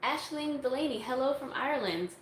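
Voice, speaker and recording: A woman's voice: high voice, animated, brisk. Young woman streamer, loose chatty delivery, phone on a tripod, roomy echo. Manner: chatty and rambling, many fillers. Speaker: YouTube streamer answering viewer questions. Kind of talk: casual livestream Q&A. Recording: echoey room, faint noise.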